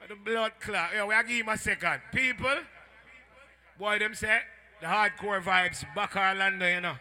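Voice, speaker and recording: A man with a Jamaican accent working as a sound system MC at a live dance, rowdy and shouting call-and-response to the crowd. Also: high voice, normal speed. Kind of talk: live dancehall MC hype talk. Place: indoor dance venue at night.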